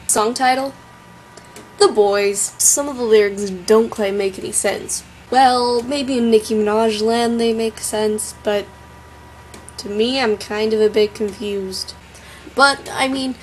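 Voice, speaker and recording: Chatty young woman with a light southern accent, wry and self-mocking, slightly high voice, faint background noise. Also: poor audio. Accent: Southern American. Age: young adult. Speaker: vlogger. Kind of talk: casual vlog storytelling.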